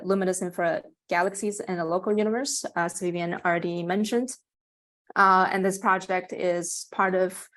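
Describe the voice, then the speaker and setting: A woman giving an academic seminar talk over a video call, speaking with frequent hesitations and restarts. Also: lowish voice. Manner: hesitant, many fillers and restarts. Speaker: guest speaker, astronomer.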